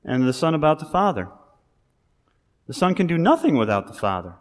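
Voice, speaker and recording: Man, pastor, conversational preaching, lively emphasis, echoing sanctuary. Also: a little high, fairly quick, pauses often. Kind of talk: sermon. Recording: long reverb of a large hall.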